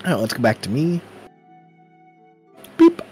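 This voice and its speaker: A man playing a game alongside a streamer, trading teasing, profane banter as he goes. His voice is fairly high for a man and very animated, with the pitch jumping all over as he talks. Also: normal speed, faint music behind. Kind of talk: casual gameplay chat.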